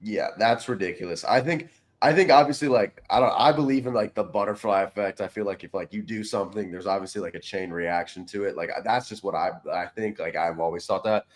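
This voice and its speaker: A man's voice: lowish voice, brisk, few pauses. A young man co-hosting a casual sports podcast, rambling with lots of "like" and false starts. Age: young adult. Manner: rambling, full of "like" and restarts. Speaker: podcast co-host.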